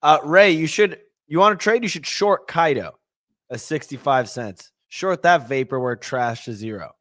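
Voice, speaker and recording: A man's voice: a little high, lively intonation, normal speed, a bit bright, no echo, clean studio sound. A man co-hosting a casual crypto podcast, reading market news with brash, sarcastic asides and casual swearing. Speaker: podcast co-host.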